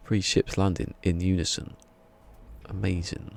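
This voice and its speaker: A man's voice: low voice, slow pace, creaky, darkish tone, a little hiss or hum. A man with an English accent chatting casually on a live stream, rambling and chuckling as he reads the chat, a little drowsy. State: a bit drowsy.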